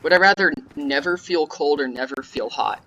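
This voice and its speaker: A young man giving casual gameplay commentary as a YouTuber, monotone and sarcastic-sounding, rambling with lots of fillers. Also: on the high side, normal speed, muffled recording. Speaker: gaming YouTuber.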